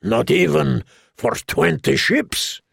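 A man voicing a sly, greedy male merchant prince who teases and bargains in a slow, drawling way. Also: medium pitch, big pitch swings, creaky, fairly bright tone, husky, dry recording, clean studio sound, full character voice. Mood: sly wheedling.

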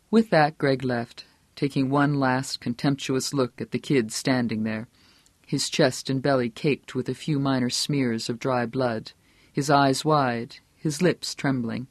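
A man reading a novel aloud as audiobook narrator, steady and measured. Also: medium pitch, no echo. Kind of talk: scripted narration.

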